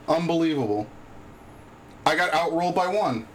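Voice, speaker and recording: A man streams a game live in an expressive, medium-pitched, fairly bright voice at normal speed, with slight background noise. Profane and sarcastic, he gets frustrated easily and gripes about his rotten luck as he plays.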